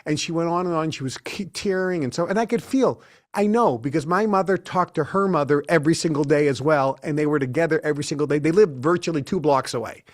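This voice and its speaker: A man's voice: a little high, quick pace, no room sound. A man in his sixties, an interview guest in a studio, telling long stories and acting out the dialogue. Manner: anecdotal, acts out quoted dialogue.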